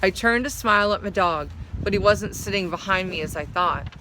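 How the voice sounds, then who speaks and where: Woman storyteller, slightly low and bright, reads aloud and explains words. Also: normal speed, a little hiss or hum. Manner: explains hard words while reading. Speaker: story reader.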